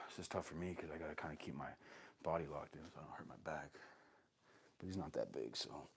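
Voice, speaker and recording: A man with a stuffy nose who runs short of breath, explaining dog training casually and talking softly to the dog. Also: a bass voice, fairly quick, creaky, husky. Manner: relaxed, talks softly to the dog between explanations.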